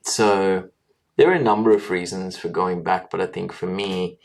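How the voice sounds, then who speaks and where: A man's voice: low-pitched, steady tone, gravelly. A man, a doctor, answering interview questions in an earnest, reflective way, often restarting his sentences. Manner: earnest, halting with restarts and fillers. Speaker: guest, doctor.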